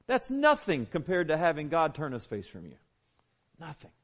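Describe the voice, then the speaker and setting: A man's voice: a little high, huge pitch swings, normal speed, fairly bright tone. A man, preaching a sermon as a pastor, conversational and emphatic with repeated phrases. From Southern United States. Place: church.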